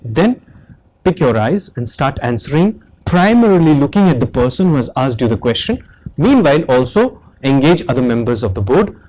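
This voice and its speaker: A man's voice: mid-range voice, sing-song, moderate pace, a little mellow, poor audio. A man with an Indian English accent giving feedback after a mock interview, instructive and checking often that he is understood. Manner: instructive, repeatedly asks "Do you understand that?".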